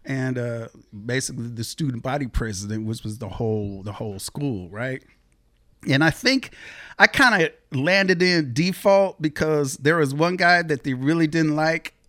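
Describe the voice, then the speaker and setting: A man's voice: mid-range voice, normal speed, no echo, studio quality. A man from the Pacific Northwest, a guest telling his life story in a rambling, casual way with many fillers. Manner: rambling, lots of fillers, animated when quoting others.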